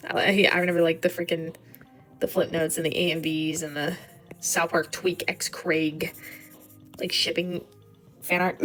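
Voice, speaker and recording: A woman's voice: on the low side, steady tone, brisk, a bit bright, soft background music. A young woman rambling casually while she draws, with lots of fillers and free swearing. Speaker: digital artist. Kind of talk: rambling voice-over while drawing.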